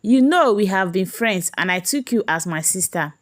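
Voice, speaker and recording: Gentle young son, calm and earnest, voiced by a woman narrator. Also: mid-range voice, moderate pace, close to an everyday voice.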